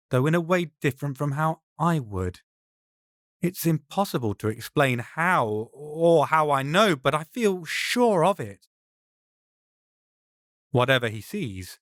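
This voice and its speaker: A man's voice: fairly high pitch, a bit bright, dry recording, clean studio sound. A man, the author, reading his own novel aloud in dramatic, tense first-person audiobook narration.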